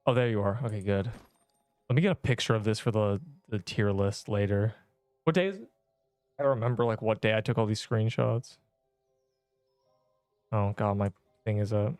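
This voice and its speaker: During a casual gaming livestream, a young streamer rambles in slang to his chat while playing a video game. His lowish voice is smooth and darkish, moving at a moderate pace with frequent pauses. Soft music plays in the background, and there is no echo.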